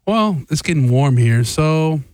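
A man's voice: fairly high pitch, expressive, a little slow, darkish tone, dry recording. A man co-hosting a talk show, joking and bantering playfully. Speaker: co-host. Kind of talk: casual on-air banter.

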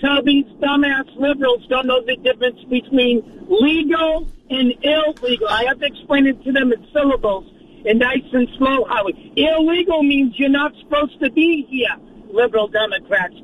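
Ranting caller on a tinny phone line. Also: male voice, extremely high pitch, normal speed, recorded from a distance, slight background noise. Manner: scornful, insulting, ranting. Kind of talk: angry talk radio call.

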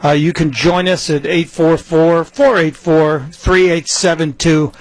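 A man's voice: on the high side, steady tone, a little slow, no room sound, rough recording. A man filling in as a talk radio host, speaking conversationally, with a few stumbles and fillers.

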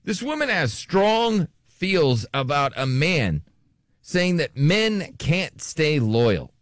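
A man's voice: a little high, very animated, slow, no room sound, studio quality. A man hosting a radio show, chatting casually and joking, often trailing off and restarting. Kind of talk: casual chat.

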